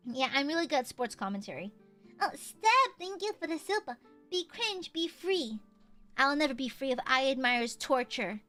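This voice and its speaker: A woman's voice: high-pitched, animated, moderate pace, pushed and bright, faint music behind. A woman streamer chatting casually while gaming, playful and boastful, swearing freely and laughing often.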